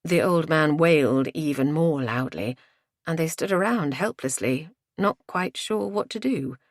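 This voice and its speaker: A woman narrating a domestic thriller audiobook in a measured, even way. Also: sits low, no echo, clean studio sound. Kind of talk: scripted narration.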